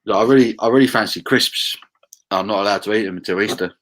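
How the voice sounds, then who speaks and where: A man's voice: on the low side, quick pace, a bit bright. A man from the Suffolk coast, chatting casually and playfully over beers on a live stream. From Suffolk coast, England. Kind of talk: casual beer chat.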